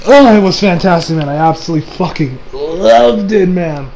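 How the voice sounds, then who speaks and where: A man giving a casual, excitable anime review, rambling and swearing with bursts of loud laughter. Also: high voice, moderate pace, vocal fry, rough recording. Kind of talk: casual reaction commentary.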